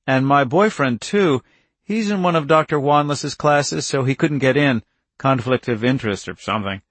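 A man's voice: mid-range voice, moderate pace, a bit bright, dry recording, voice pushed up, natural voice. A man voicing a tall, pretty young woman student who is friendly but a little nervous, in a dry studio recording.

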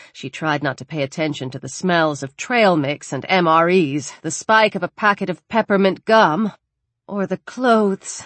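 A woman reading a thriller audiobook aloud with expressive, varied delivery. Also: on the low side, no echo. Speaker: audiobook narrator. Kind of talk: scripted audiobook narration.

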